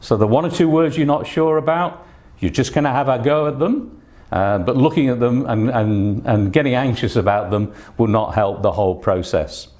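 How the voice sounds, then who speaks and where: A man's voice: mid-range voice, moderate pace, a little mellow. A man teaching an online English speaking test lesson, patient and encouraging, with frequent fillers as he explains.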